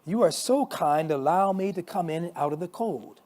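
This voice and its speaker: A humble, shy elderly woman read by a male pastor speaks softly in a fairly high voice. The reading stays lively in pitch, with grateful, modest phrasing throughout. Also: moderate pace, close to an everyday voice. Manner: humble, soft-spoken.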